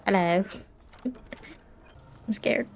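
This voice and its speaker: A woman's voice: medium pitch, extremely slow, gravelly, slight background noise. A young adult woman casually commenting on her gameplay, playful and jokey, acting dramatically scared. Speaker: gaming streamer.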